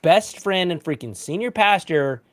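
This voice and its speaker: With a high-pitched voice and an unhurried pace, a pastor in his thirties shares a personal story in a casual panel. He tells it with animation, performing the quotes aloud.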